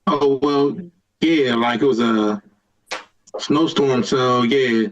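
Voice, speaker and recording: A man's voice: medium pitch, steady tone, takes it slowly. Hesitant man over dull call audio. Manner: hesitant, brief answers. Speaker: audience member on a call. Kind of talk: casual chat on a video call.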